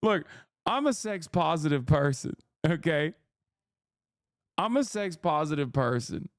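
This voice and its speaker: A man's voice: fairly high pitch, expressive, measured pace, no room sound, clean studio sound. A man giving casual livestream commentary, ranting in disbelief with plenty of swearing and laughter. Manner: profane, incredulous ranting with frequent laughs.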